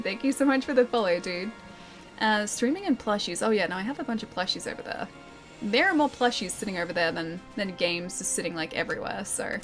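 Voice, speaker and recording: A young Australian woman with a highish, slightly bright voice chats casually while streaming a game. She's chatty and giggly, reading chat aloud, answering it, and laughing often.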